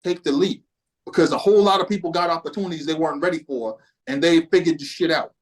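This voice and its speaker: A man from Boston spins a casual, profanity-laced anecdote as a podcast guest. His voice sits slightly high for a man, and his delivery is easygoing and conversational. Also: fast talker, low-quality recording. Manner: laid-back, profane, anecdotal. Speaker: podcast guest, music historian.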